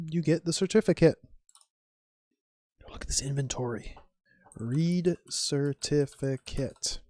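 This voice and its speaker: A streamer casually comments on an old adventure game, musing wryly and slowly reading typed commands and game text aloud. The voice is medium-pitched, animated, and warm, with no room sound.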